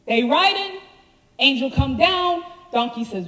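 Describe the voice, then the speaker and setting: A woman preaching a sermon, telling the story with animated slangy asides to the congregation. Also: sits high, takes it slowly, pauses often, reverberant, long reverb tail, rough recording. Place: church sanctuary.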